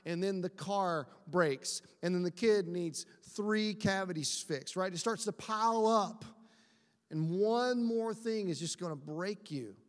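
A man's voice: high voice, measured pace. A man preaching a conversational sermon, acting out quotes in a whiny voice. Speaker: pastor. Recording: long hall reverb.

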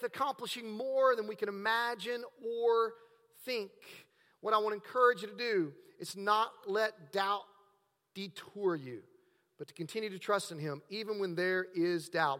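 Man, pastor preaching a sermon, high voice, long hall reverb, hushed to emphatic.

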